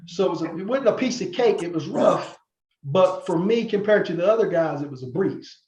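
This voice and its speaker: A man's voice: high voice, expressive, brisk, a little mellow. Rambling man in a roomy room. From North Carolina, USA. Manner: rambling, many fillers and restarts, acts out quoted people. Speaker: podcast guest, former wrestler. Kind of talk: casual interview storytelling. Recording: roomy, slightly muffled sound.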